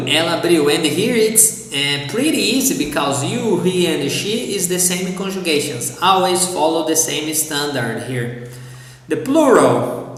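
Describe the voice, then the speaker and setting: Brazilian guy teaching a language class online, slow and patient, lots of room echo. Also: a little high. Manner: patient, repeats words slowly for practice. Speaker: Portuguese teacher. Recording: very echoey room with long reverb.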